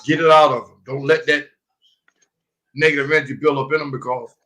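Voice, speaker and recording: A man hosting a casual podcast, telling stories animatedly and turning earnest when he consoles a friend. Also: on the high side. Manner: animated storyteller, bursts into loud laughter, turns slow and earnest when consoling. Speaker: podcast host. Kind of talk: casual chat.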